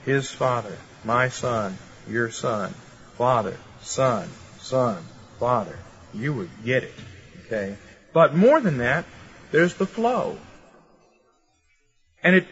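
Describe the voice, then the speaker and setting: A man's voice: mid-range voice, a bit bright, a little hiss or hum. A man giving a lecture to a class, reading scripture aloud in a rhythmic, flowing cadence with conversational asides. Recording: dull lo-fi recording.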